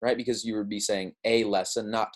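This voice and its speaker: A man's voice: lowish voice, flat delivery. A man teaching a beginner language lesson, patiently explaining and often checking in with "right?" and "okay?". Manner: says Spanish words slowly and clearly for the learner. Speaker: Spanish teacher.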